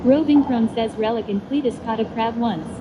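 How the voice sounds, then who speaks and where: A woman's voice: fairly high pitch, moderate pace. Synthetic woman's voice reading chat. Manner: flat, even read-out of messages. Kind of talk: reading chat messages aloud. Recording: noisy outdoor stream audio.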